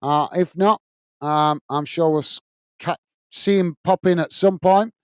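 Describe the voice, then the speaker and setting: A man's voice: on the high side, measured pace, a little mellow, smooth, no room sound. A man hosting a live football watch-along, casually reading out and answering viewer comments with plenty of fillers. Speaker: host.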